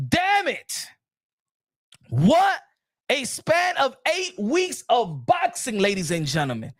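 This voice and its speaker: A man's voice: extremely high pitch, wildly swooping pitch, slow pace, a bit bright, dry recording, studio quality. Hyped man talking boxing. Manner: hype-driven, repeats phrases. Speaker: boxing channel host.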